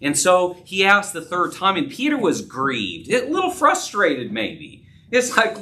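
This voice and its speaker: A man's voice: huge pitch swings, a little slow, hardly any pauses, bright, forceful tone, slight background noise. A man preaching a sermon as pastor, earnest, acting out scripture dialogue in his voice. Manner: earnest, acts out dialogue with rising pitch. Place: church sanctuary. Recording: distant from the mic.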